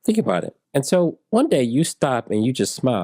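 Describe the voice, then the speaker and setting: A man's voice: medium pitch, big pitch swings, brisk, dark tone, breathy edge, dry recording, clean studio sound. A man in his forties, a podcast guest telling stories and acting out the dialogue in them. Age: 40s. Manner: storyteller who acts out dialogue. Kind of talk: podcast conversation.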